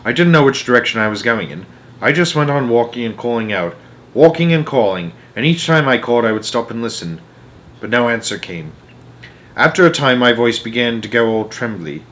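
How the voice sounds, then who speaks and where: A man hosting a storytime channel, reading a children's novel aloud with slow, hushed, dramatic pacing. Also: mid-range voice, animated.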